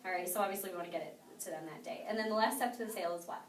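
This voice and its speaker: Young woman, sales trainer, quick upbeat delivery, quizzing a class, distant mic in an echoey room. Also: mid-range voice.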